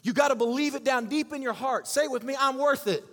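A male pastor preaching an energetic sermon, often asking the congregation to repeat phrases after him. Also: extremely high pitch, quick pace, long reverb tail. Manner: energetic, calls for audience responses. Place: church hall.

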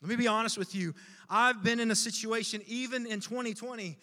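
A middle-aged male pastor preaching a dramatic, impassioned sermon, moving between loud pleas and hushed pauses. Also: extremely high pitch. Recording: long hall reverb.

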